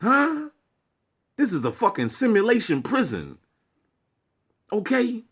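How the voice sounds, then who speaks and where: A man's voice: on the high side, very animated, normal speed. A man delivering a preachy, profanity-laced rant to his viewers as a vlogger. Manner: preachy, swearing, lecturing.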